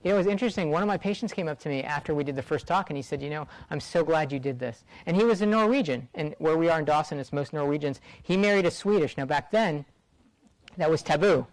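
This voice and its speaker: An impassioned middle-aged man addresses a room of students, earnest and emphatic, often circling back on his words. His voice sits a little high for a man, and the sound is close and dry, with almost no room echo. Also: fast talker. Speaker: guest speaker, rural doctor. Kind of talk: speaking to a student audience.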